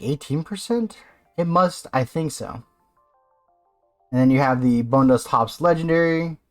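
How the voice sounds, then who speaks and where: A man streaming live, reacting to a game and swinging into loud mock rants. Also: medium pitch.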